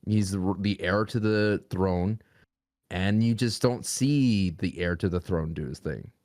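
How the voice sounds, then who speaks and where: A man co-hosting a casual podcast, running the segment with brisk prompts and quick quips. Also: deep voice, darkish tone, dry recording, studio quality.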